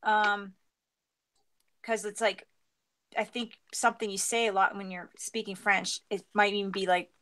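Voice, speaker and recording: A woman's voice: mid-range voice, little pitch movement, unhurried, pauses often, a bit bright. A Canadian woman co-hosting a craft livestream, chatting casually and hesitantly with lots of fillers. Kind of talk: casual chat while crafting.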